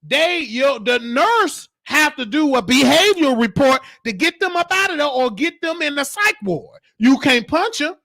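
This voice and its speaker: High, gravelly, animated man. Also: normal speed, few pauses, dry recording. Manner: animated, acts out quoted voices. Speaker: show host. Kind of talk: storytelling monologue.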